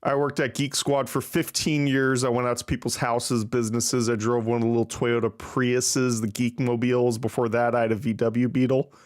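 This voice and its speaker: A man's voice: mid-range voice, level tone, moderate pace, hardly any pauses. A man hosting a casual livestream, rambling and self-deprecating with plenty of swearing. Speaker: livestream host. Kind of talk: casual live-stream chat.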